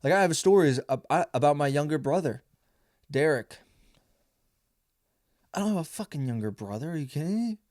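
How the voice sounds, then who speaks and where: A man's voice: fairly high pitch, moderate pace, pauses often, no echo, studio quality. Profane, rambling young man comedian. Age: 20s. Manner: animated, self-mocking. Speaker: stand-up comedian, podcast host. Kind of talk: casual monologue.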